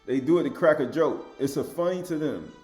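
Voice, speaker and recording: A man giving an informal sermon, reading scripture in a raised voice and then commenting in a lower, emphatic, repetitive way. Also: expressive, fairly quick, a little mellow, echoey room, soft background music. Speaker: religious lecturer.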